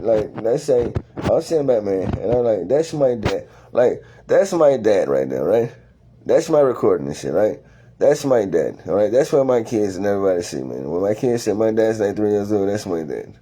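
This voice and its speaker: A man's voice: on the low side, dark tone. A man talking to the camera in a loose, meandering monologue full of slang and cursing, after a few drinks. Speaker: vlogger. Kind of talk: rambling casual monologue.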